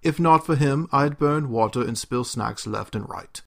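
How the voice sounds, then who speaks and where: A man voicing a stern, condescending male butler in a deliberately bad British accent, reading from a game script. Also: mid-range voice, gravelly, a bit bright, pitched above the performer's own voice. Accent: bad put-on British. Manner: curt, scolding, condescending. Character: stern prim male butler, former noble.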